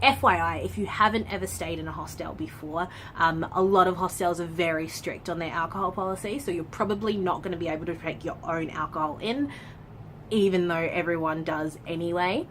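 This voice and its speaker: A woman's voice: lowish voice, fairly quick, a little hiss or hum. Chatty young woman telling a story. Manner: chatty, lively storytelling with frequent "like" and swearing. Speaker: vlogger. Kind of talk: story time vlog.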